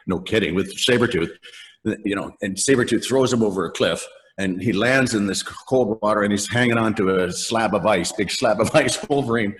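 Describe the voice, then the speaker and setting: An older man, a voice actor appearing as a guest, tells rambling stories in a casual interview, laughing a lot and acting out lines. His voice is on the low side at a moderate pace, with long reverb on the recording.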